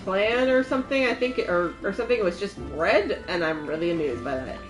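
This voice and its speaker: A woman's voice: mid-range voice, animated, brisk, over music. A woman chatting casually while playing a game on stream, rambling and giggling as she goes. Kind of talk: casual chat while gaming.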